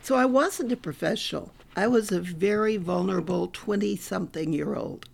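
An older woman speaks in a podcast interview, recounting her life candidly and with animation. Her voice carries a gravelly, creaky edge at a middle pitch. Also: normal speed. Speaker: guest, professor.

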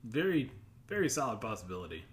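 A man's voice: medium pitch, sing-song, fast talker. A man in a casual chat about films, laid-back, giving short replies and laughing easily.

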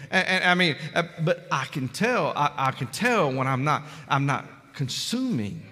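A man preaching a sermon to his congregation, fervent, swinging between loud and soft and calling out to the people in the pews. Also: on the high side. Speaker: pastor. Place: church hall. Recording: echoey church hall.

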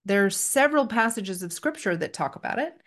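A woman's voice: mid-range voice, lively intonation, a little fast, a bit bright. A middle-aged woman hosting a podcast, telling a story in an earnest, chatty and self-deprecating way. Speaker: podcast host. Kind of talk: casual solo podcast storytelling.

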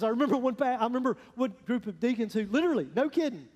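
A high-pitched man preaches to his congregation in a folksy, storytelling way. His voice rings through a big hall with a long reverb tail, swinging from loud bursts to hushed asides. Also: big pitch swings, quick pace. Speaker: pastor. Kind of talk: sermon.

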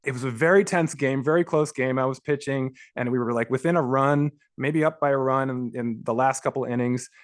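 A Los Angeles book author in his forties appears as an interview guest, telling stories from his childhood. He's animated and laughs often, restarting his sentences frequently, in a mid-range voice that moves fairly quickly with few pauses.

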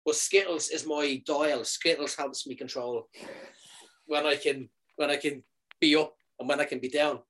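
A man in his thirties, a comedian chatting casually and telling animated stories, leaping up in pitch for quoted lines. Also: moderate pace. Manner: animated storyteller, jumps high for quoted lines. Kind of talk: casual chat.

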